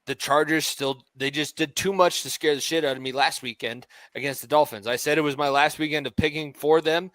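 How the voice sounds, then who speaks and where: A man's voice: on the high side, steady tone, a little fast, few pauses, a bit bright, dry recording. A man co-hosting a casual sports podcast, often restarting his sentences. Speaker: podcast co-host.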